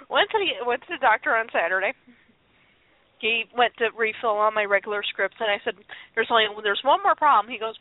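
A woman's voice: mid-range voice, expressive, normal speed, pauses often, dry recording. Chatty woman on a tinny phone line. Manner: rambling storytelling with frequent laughs and restarts. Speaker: podcast co-host. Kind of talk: casual chat.

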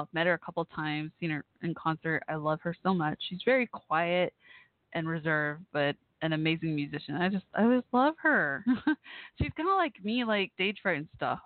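Hosting a laid-back call-in show, this Texan woman chatters and giggles, with frequent laughs and fillers. She has a low voice, the sound has no echo, and the line sounds tinny, like a phone.

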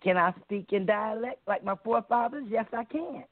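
A woman calls in to an open mic show to perform a spoken word poem, delivering it rhythmically and emphatically while playing with dialect. Her voice is a little high at a normal pace, coming through a dry, tinny phone line.

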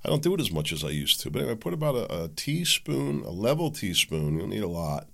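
A man's voice: fairly low pitch, big pitch swings, quick pace, creaky. A middle-aged man hosting his own podcast, talking casually and frankly with lots of ums and asides. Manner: rambling, chatty, frank, with frequent ums and self-corrections. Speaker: podcast host. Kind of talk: casual solo podcast monologue.

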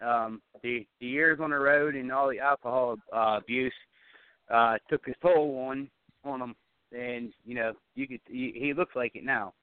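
A man joins in with agreement, talking haltingly and full of fillers. His voice is smooth and clear. It comes through dry and narrow, like a phone call. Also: medium pitch, steady tone, no room sound. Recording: dry phone-line sound.

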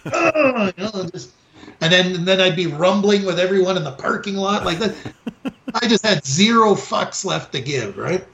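A man's voice: high voice, lively intonation, normal speed, fairly bright tone. A man co-hosting a podcast, telling a story in a profane, ranting way. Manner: profane, ranting storyteller who acts out quoted people. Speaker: podcast co-host. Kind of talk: casual chat. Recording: echoey, dull lo-fi room sound.

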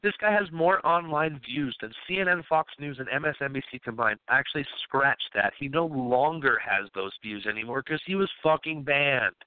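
Man on a tinny phone line, smooth voice. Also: mid-range voice, moderate pace, hardly any pauses, no room sound. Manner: loose and profane, retelling news with laughs. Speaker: podcast host. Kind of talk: casual podcast chat.

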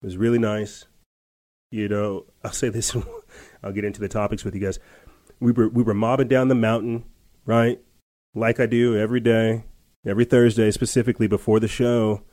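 A man's voice: fairly low pitch, level tone, moderate pace, darkish tone, no echo. A man hosting a podcast, telling a story in a rambling casual way with many restarts and laughs. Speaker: podcast host. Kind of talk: casual chat.

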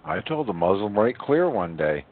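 A man calling into a radio show, telling a story in a slow, rambling, halting way. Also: on the low side, very animated. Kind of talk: casual storytelling. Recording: tinny phone line.

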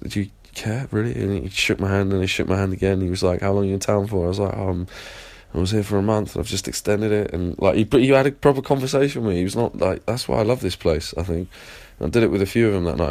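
English guy, low voice, dry close sound, chatty and sweary, rambles on about his day. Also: darkish tone, no room sound. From Plymouth, England. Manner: rambling, sweary, enthusiastic storytelling. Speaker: podcast host. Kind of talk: casual audio diary.

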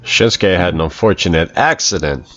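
Deep-voiced upbeat man, dry lo-fi sound. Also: expressive, normal speed, fairly bright tone. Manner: upbeat, laughs easily. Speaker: podcast co-host. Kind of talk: casual wrestling chat.

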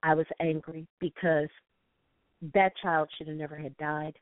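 On a call-in talk show, a guest from St. Louis tells a heated story and quotes the exchanges in it. Her low-pitched voice stays level and moves a little slowly. The phone line sounds tinny and dry, without room sound.

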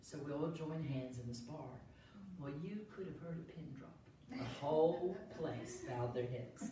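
Lively low-voiced woman evangelist storyteller. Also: moderate pace, hardly any pauses, noisy background. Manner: energetic, humorous, swings from hushed to loud. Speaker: evangelist guest. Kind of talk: storytelling testimony. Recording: echoey room, distant mic.

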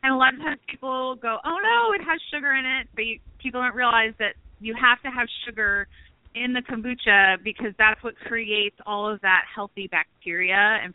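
A woman's voice: medium pitch, dry recording. Woman, chatty guest, explains practical tips, laughs often, phone-like audio. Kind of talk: casual podcast interview. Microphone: remote call. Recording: tinny phone-line audio.

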